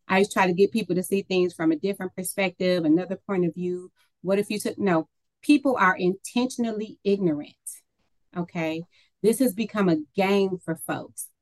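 A woman's voice: fairly low pitch, normal speed, dry recording, poor audio. A woman in her forties co-hosting a casual discussion show, blunt and emphatic, her voice rising when she stresses a point. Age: 40s. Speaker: podcast co-host.

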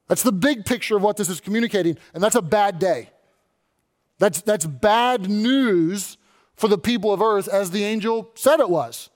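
High-voiced man preaching a lively sermon. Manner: animated preaching, acting out quoted voices. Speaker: pastor.

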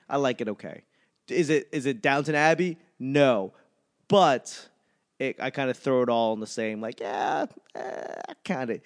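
A man in his thirties hosting a casual solo podcast, rambling and self-mocking with plenty of swearing. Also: on the high side. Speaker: podcast host.

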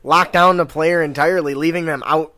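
A man co-hosting a podcast, giving tabletop game advice in a relaxed, profane, joking way. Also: fairly high pitch, fairly quick, dry recording. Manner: relaxed, profane, laughs easily. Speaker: podcast co-host. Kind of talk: casual tabletop advice chat.

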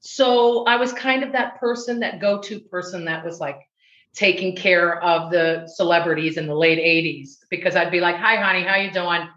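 A woman from the US Midwest chats as an interview guest, lively and a little rambling. Her voice is bright and forward, with a lowish pitch. The recording is roomy and somewhat dull. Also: normal speed. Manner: animated, chatty storyteller with laughs and restarts. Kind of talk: casual interview chat.

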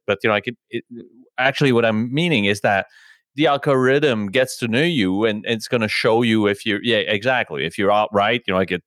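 A man's voice: on the low side, a bit bright, dry recording. A man hosting a podcast in casual conversation, rambling with constant filler words and swearing freely. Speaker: podcast host.

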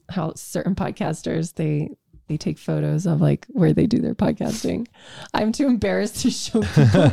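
Low gravelly woman, mellow tone, chatty health podcast host, sarcastic. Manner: chatty, sarcastic asides, frequent restarts. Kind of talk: casual podcast chat. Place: home podcast room.

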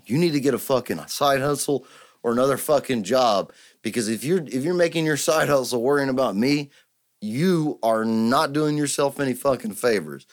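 A man's voice: mid-range voice, normal speed. A man hosting a solo podcast, ranting heatedly and swearing constantly. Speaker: podcast host.

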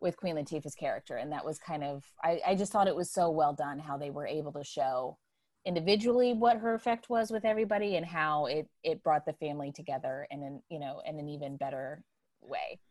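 Halting woman guest on a podcast. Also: sits low, darkish tone, dry recording, studio quality. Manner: halting, many fillers and restarts. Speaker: guest actress. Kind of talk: casual podcast conversation.

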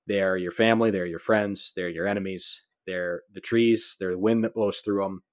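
A man hosting a casual podcast chat about tabletop games, talking in an animated, emphatic way and swearing now and then. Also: low voice, normal speed, dry recording, studio quality. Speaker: podcast host.

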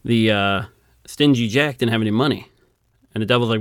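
A man with a low-pitched voice tells a story on a podcast in a loose, chatty way. He laughs a lot and acts out the characters' lines. The sound is dry and close. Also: normal speed, pauses often, no room sound. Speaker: podcast co-host. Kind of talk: casual storytelling chat.

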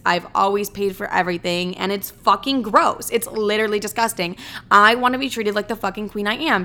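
A woman's voice: medium pitch, bright, forceful tone. A young adult woman hosting a podcast, telling a dating story in a blunt, candid way, swearing often and acting out what others said. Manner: blunt, swears a lot, mimics others in quotes. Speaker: podcast host.

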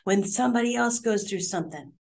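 A middle-aged woman co-hosting a casual Christian talk, telling a personal story in an animated, encouraging way. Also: mid-range voice, quick pace, creaky.

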